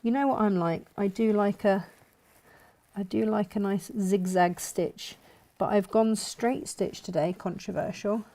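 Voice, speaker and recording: Mid-range and mellow, a sewing vlogger and shop owner speaks at a measured pace. She chats through a tutorial while she works, talkative and self-mocking.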